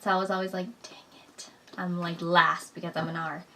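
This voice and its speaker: Young woman, chatty, laughs often, quotes herself, bright tone, a bit far from the mic. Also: fairly low pitch, flat delivery, quick pace, a little hiss or hum. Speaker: vlogger talking with her husband. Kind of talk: casual chat.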